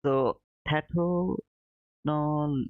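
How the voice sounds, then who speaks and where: A man's voice: a little high, fairly even intonation, drawn-out words, smooth, dry recording. A man hosting a live trading stream, walking viewers through charts, reading chat and calling them brother. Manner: friendly, calls viewers brother, thinks aloud while charting. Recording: dull lo-fi dry sound.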